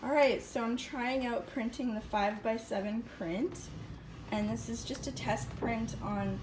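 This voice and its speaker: A woman artist chatting casually in a home vlog, excitable and full of fillers, recorded on a phone in an apartment. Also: fairly high pitch, a little slow, background noise. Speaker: artist vlogger.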